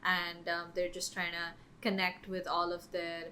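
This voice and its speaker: Here a podcast co-host chats loosely about films, filling her sentences with plenty of "um" and "like." She has a fairly low voice with an entirely flat delivery, talking a bit slowly in a bright, pushed tone over slight background noise.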